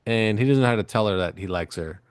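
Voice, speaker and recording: A man's voice: fairly low pitch, fast, clean tone, dry recording, clean studio sound. A man co-hosting a podcast, telling a movie story in a loose, profane, rambling way with plenty of fillers. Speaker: podcast co-host. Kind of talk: casual chat.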